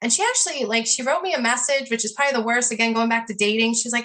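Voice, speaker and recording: A woman's voice: on the high side, fast, a bit bright. A woman chatting casually as a podcast guest about her pet sitting business, full of "like" and "you know" and acted-out quotes. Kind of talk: casual interview chat.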